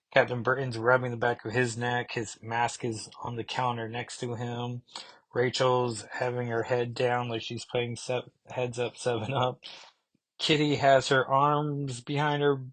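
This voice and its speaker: A man casually recapping a comic book issue, rambling along with many asides. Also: mid-range voice. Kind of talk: casual comic review vlog.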